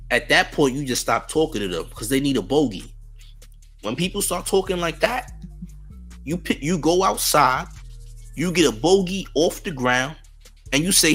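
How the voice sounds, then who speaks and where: A man's voice: on the high side, lively intonation, normal speed, fairly bright tone, slightly rough, faint music behind. A man hosting a news commentary channel, talking in a slangy, mocking way that riffs on and repeats phrases. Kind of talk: casual commentary on celebrity news.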